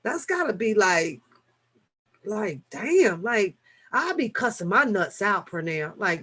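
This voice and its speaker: A woman's voice: a little high, unhurried. A woman hosting a casual late-night live chat, answering viewers loosely, swearing freely and restarting her sentences often. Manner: animated, swearing, frequent fillers and restarts.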